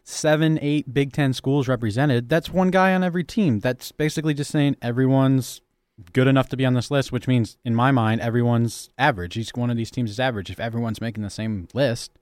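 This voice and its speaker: A man's voice: medium pitch, brisk, dry recording, clean studio sound. A man on a sports debate panel, laying out his argument in an explanatory way.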